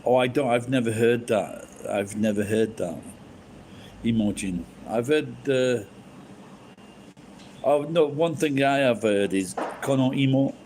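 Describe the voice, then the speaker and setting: A man's voice: medium pitch, a little slow, darkish tone, low-quality recording. Drunk guy streaming, swears a lot, rambles, faint hiss behind. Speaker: live streamer. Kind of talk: rambling casual chat.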